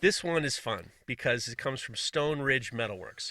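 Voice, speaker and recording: A man's voice: medium pitch, animated, normal speed, hardly any pauses, pushed and bright. A man co-hosting a casual podcast, reading listener messages aloud with frequent laughs and blunt, swearing asides.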